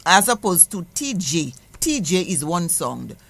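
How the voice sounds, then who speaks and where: A woman patiently explaining letter sounds on a radio show, repeating each example word slowly. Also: on the low side, very animated, a bit bright. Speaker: guest language teacher. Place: radio studio.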